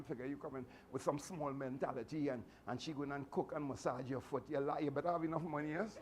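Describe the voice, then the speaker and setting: A man's voice: on the high side, a little hiss or hum. Chatty Trinidadian man telling stories. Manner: animated, chatty, laughing asides. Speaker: martial arts instructor. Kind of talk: storytelling speech to a class.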